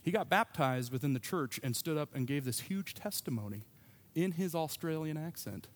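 A man's voice: a little high, animated, moderate pace. Man preaching a conversational sermon. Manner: conversational storytelling with asides. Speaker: pastor.

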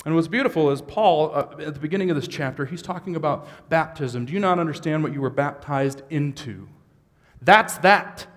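A man's voice: a little high, a little fast, few pauses, in a large hall. A man preaching a sermon as a pastor, moving from easygoing asides to fervent, rising exhortation. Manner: builds from conversational to impassioned shouting.

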